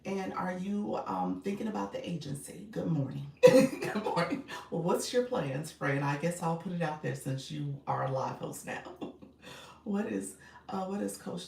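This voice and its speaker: A woman's voice: on the low side, lively intonation, moderate pace, creaky, darkish tone. A woman with a Chicago accent, a livestream coach chatting casually on a live stream, greeting viewers by name and laughing often. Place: home setup with phone on a stand. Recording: echoey room, mic at a distance, faint noise.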